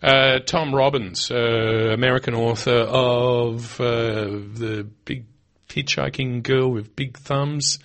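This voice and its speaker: Bright-voiced, chatty man. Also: mid-range voice, slow pace. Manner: chatty, animated storyteller. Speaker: radio co-host. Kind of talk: casual radio chat. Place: radio studio.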